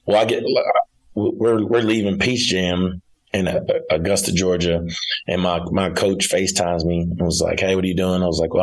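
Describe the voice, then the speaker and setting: Deep husky-voiced man telling stories. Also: low-quality recording. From Arkansas, United States. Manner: casual, repeats and restarts often. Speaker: college basketball coach. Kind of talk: casual interview storytelling.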